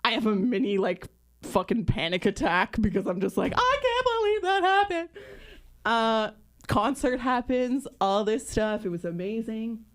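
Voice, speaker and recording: A woman in her thirties co-hosting a podcast, telling a story in a lively, casual way and acting out what other people said. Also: medium pitch, normal speed. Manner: lively storyteller who acts out quoted voices. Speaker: podcast co-host.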